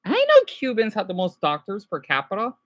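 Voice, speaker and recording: A woman's voice: mid-range voice, huge pitch swings, fairly quick, lo-fi sound. A woman reacting to a video in a profane, rambling rant, often apologizing. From United States. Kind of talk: ranting reaction commentary.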